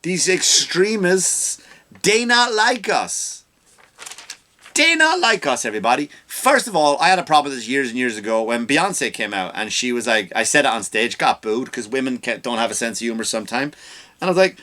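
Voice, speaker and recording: A man hosting a comedy podcast, delivering an animated rant into a studio microphone that climbs into loud, mocking outbursts. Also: mid-range voice, fairly quick. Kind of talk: ranting comedy monologue.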